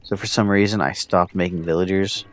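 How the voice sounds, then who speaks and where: A man's voice: low-pitched, steady tone, brisk. A man casually commentating a strategy game he is playing, thinking aloud with plenty of fillers. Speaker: player commentating his own match.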